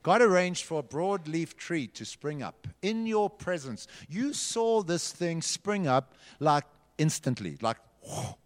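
Animated man telling a Bible story. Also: fairly high pitch, unhurried. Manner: animated, dramatic, directing the group. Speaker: children's church leader. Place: large hall. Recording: long hall reverb.

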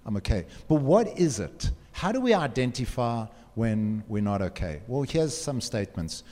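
A man's voice: mid-range voice, big pitch swings, normal speed, warm tone. A man gives an earnest motivational talk to students, asking them direct questions. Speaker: speaker addressing students. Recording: long hall reverb.

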